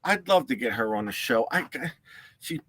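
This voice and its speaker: A man's voice: mid-range voice, expressive, moderate pace, fairly bright tone, dry recording. A man co-hosting a live hobby talk show, teasing his co-hosts and rambling on in casual banter. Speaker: co-host.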